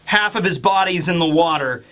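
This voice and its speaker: A man talks through a manga chapter in a casual, rambling review. His voice sits high and bright, and he sounds excited, tumbling through fillers and restarts. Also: moderate pace.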